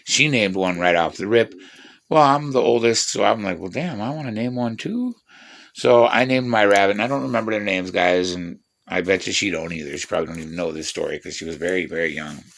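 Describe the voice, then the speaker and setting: A man's voice: low-pitched, fairly quick, creaky, a bit bright. A man in his fifties telling rambling personal stories in a profane, boastful, meandering way. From Washington State, USA. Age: 50s. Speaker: vlogger.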